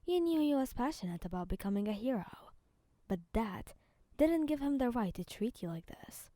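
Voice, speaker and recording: A woman narrating a second-person fan story in a soft, calm, even reading voice. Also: on the high side, moderate pace, no room sound.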